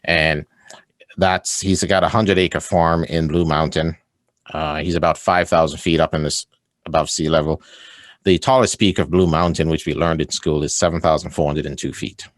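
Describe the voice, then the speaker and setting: This male guest on an interview podcast is a sales coach in casual conversation, enthusiastic and quick to laugh, often ending his points with "right?". His voice rumbles low with little pitch movement, at normal speed and without echo.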